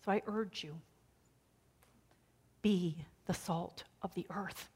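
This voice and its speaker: A woman pastor preaching a sermon in a conversational storytelling way, dropping to a hush on key lines. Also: fairly low pitch, steady tone, slow pace, husky.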